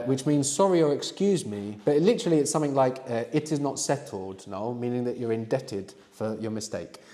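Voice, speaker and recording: Leading a language lesson in a large hall, a man speaks with a medium-pitched, dark voice. He draws the student out with questions, regularly adding "no?" after his points.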